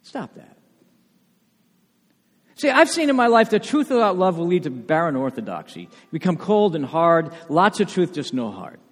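A man preaching a sermon as pastor, emphatic, with rhetorical questions and sudden soft asides. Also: a little high, very animated, brisk, few pauses, big-room sound. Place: church sanctuary.

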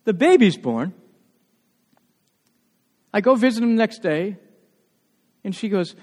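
A man preaching with a high, very lively voice that swoops up and down as he tells stories. He often restarts his phrases mid-thought. His voice rings out in a church hall with a long echo. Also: measured pace, pauses often. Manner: animated storytelling with frequent restarts. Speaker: pastor. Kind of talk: sermon.

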